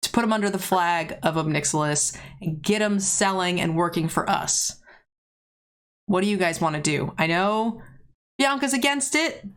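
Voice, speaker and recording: A woman playing a tabletop game, taking charge briskly to steer the group's planning. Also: lowish voice, animated. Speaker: player. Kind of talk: casual tabletop play.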